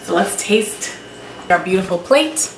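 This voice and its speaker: A woman hosts her own cooking show in a roomy kitchen and talks straight to the viewers in a chatty, friendly way. She is recorded from some distance away, so her voice sounds echoey. Quiet clinks of dishes and cutlery can be heard in the background. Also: mid-range voice, expressive, a little slow, noisy background. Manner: chatty, addresses viewers directly. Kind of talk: casual cooking demonstration. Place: home kitchen.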